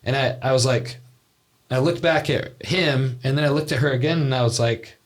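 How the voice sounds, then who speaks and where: A young man on a podcast tells a long story in a relaxed, rambling way, full of fillers and restarts. His voice sits at an ordinary middle pitch for a man. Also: normal speed. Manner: rambling, filler-heavy, laughs at own story. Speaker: podcast co-host. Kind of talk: casual storytelling chat.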